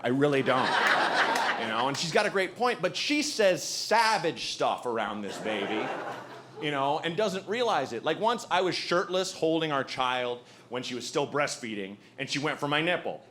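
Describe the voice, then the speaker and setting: A man in his forties performs a stand-up set on a club stage, telling stories in an animated way and slipping into the voices of the people in them. His voice sits a little high. The live recording carries clear audience noise around him. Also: moderate pace. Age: 40s. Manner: animated storytelling, acts out quoted voices, swears freely. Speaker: stand-up comedian. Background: audience laughter.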